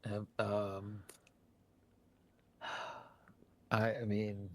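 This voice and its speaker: A man co-hosting a podcast in casual chat, laid-back, with short quiet remarks, often turned away from the microphone. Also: lowish voice, monotone, extremely slow. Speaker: podcast co-host. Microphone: studio microphone, often off-axis.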